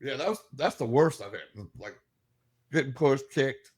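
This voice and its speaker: Guy spinning wild stories, pitch jumping all over, laughing a lot. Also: a little slow, husky. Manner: lively, laughing, acts out voices in his stories. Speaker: guest, paranormal investigator. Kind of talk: animated storytelling.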